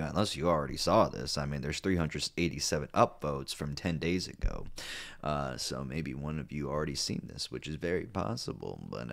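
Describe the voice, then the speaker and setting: A man's voice: a bass voice, vocal fry. A man hosting a channel, reading an online story aloud and breaking off for playful, sarcastic comments, with plenty of fillers. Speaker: host reading and reacting to online stories. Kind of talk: casual read-aloud with joking asides.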